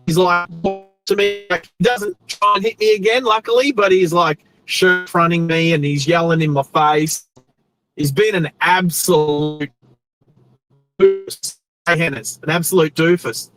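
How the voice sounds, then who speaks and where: High-voiced Australian man telling a story. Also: poor audio. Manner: animated, rambling with restarts. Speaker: host. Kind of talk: casual storytelling while driving. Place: inside a car on the road.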